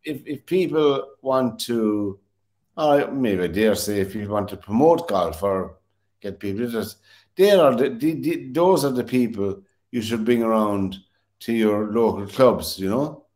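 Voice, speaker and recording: A man's voice: fairly low pitch, expressive, measured pace, a little mellow. A man on a sports panel show, chatting casually and often repeating words as he searches for them. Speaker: studio panelist.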